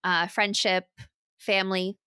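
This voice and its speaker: Slow, reflective woman with a cold. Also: medium pitch, flat delivery, bright, forceful tone, clear, resonant tone, no echo, clean studio sound. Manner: slow and reflective, laughs often. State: congested from a cold. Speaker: podcast co-host. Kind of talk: casual spiritual chat.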